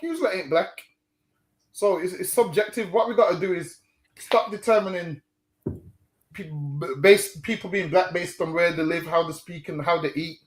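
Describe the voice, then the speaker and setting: A man with a high voice preaches on the street in an emphatic, chatty way. He keeps coming back to "listen" and "man". The sound is roomy and echoey.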